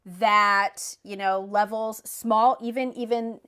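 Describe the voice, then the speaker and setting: A woman in her thirties, a guest on a podcast, talking in an animated, casual way, often laughing and swearing casually. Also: mid-range voice, takes it slowly, clear, resonant tone.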